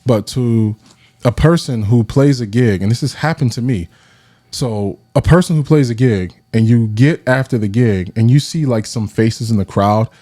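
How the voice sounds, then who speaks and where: Male podcast host, thirties, mellow low voice, lively storyteller, dry close mic. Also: moderate pace, dry recording. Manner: animated, acts out friends' voices in quotes; addresses listeners directly, repeats phrases. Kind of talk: casual storytelling chat.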